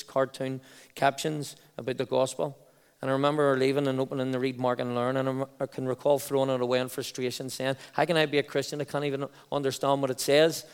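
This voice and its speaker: A man's voice: medium pitch, clean tone. Earnest Belfast man in a reverberant hall. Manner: earnest, halting, repeats phrases for weight. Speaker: speaker giving testimony. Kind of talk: personal faith testimony.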